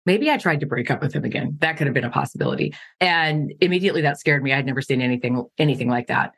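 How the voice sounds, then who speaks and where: Low-pitched woman from montana, middle-aged, telling her story openly, laughs at the hard parts. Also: fast, gravelly, slightly rough. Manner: earnest, laughs at painful memories. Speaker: podcast guest. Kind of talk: candid personal storytelling.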